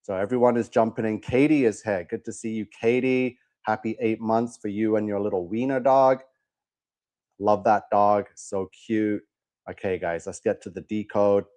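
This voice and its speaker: A man's voice: on the low side, steady tone, moderate pace, darkish tone. Emphatic preaching man. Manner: emphatic, scornful, warning repeatedly. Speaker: host of a religious commentary channel. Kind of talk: preachy commentary.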